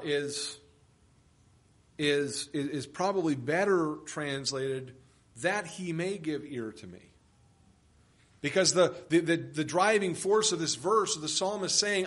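A man's voice: on the high side, unhurried, a bit bright. A man preaching an expository sermon as pastor, emphatic and full of rhetorical questions.

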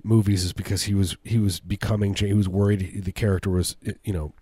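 Man, low pitch, mellow, deadpan riffing, dry close sound. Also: fast, husky, no echo. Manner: riffing, deadpan jokes, repeats himself. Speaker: podcast co-host. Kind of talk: casual comedic banter.

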